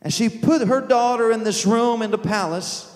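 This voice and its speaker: A man's voice: extremely high pitch, normal speed, big-room sound. A male pastor telling an emotional story in a sermon, slipping into the voices of the people in it. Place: church sanctuary. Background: soft music.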